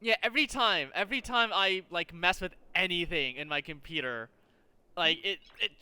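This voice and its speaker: A man streaming a game, chatting casually, animated and exasperated, swearing often at a desk mic. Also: high voice, normal speed, clean tone, no room sound. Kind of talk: casual livestream chat while gaming.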